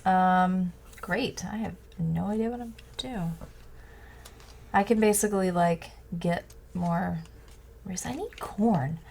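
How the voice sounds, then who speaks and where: A woman's voice: lowish voice, measured pace, creaky, long pauses, darkish tone. A woman in casual chat at a home game table, chatty and thinking aloud as she plays. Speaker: board game player. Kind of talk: casual chat while playing. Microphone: condenser mic.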